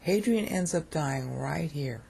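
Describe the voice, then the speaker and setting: Creaky, husky American Bible lecturer. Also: medium pitch, animated, takes it slowly, a little mellow. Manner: digressive, chatty, often checks in with "okay?". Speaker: Bible teacher. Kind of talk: screen-share lecture.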